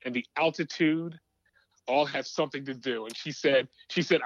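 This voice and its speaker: A man's voice: medium pitch, moderate pace, highs cut off. A man telling a rambling story in a casual radio chat, with many restarts. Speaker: show regular.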